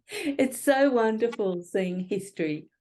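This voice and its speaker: An Australian woman hosts the chat at an unhurried pace, her pitch rising and falling freely. She keeps encouraging her guest with small agreements and laughter. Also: expressive, darkish tone. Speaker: podcast host. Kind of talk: casual interview chat.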